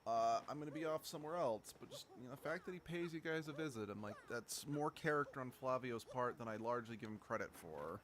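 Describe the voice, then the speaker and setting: A man's voice: mid-range voice, expressive, brisk, few pauses, a bit bright, a little hiss or hum. Joking male game streamer. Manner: joking, reads game lines in put-on voices. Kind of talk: casual let's-play commentary.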